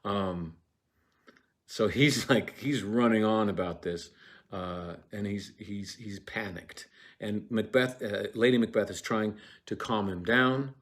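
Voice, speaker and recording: A man giving a casual lecture on a play, retelling scenes with profane, lively asides and reciting verse lines, sometimes dropping into a whisper. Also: lowish voice, slow pace. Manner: casual and profane, many fillers and restarts.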